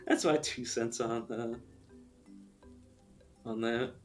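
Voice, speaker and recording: A young man thinks out loud on a live stream, his talk full of likes, restarts and casual swearing, with a short laugh here and there. His voice sits at an ordinary middle pitch. Faint music plays quietly behind him. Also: huge pitch swings, slow pace. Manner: rambling, opinionated, laughs often, swears.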